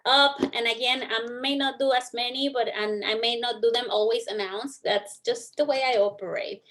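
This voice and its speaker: A woman's voice: a little high, fairly even intonation, normal speed, a bit bright. A woman hosting a live stream, talking in a friendly, chatty way and thanking her guest and viewers. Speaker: host. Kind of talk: casual live-stream chat.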